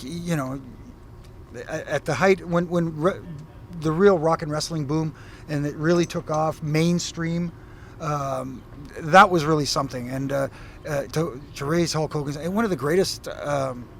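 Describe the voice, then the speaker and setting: A middle-aged Canadian man, a former referee, telling animated stories in a casual interview, with many fillers and restarts. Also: a little high, a little slow, a little hiss or hum. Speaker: former wrestling referee, guest.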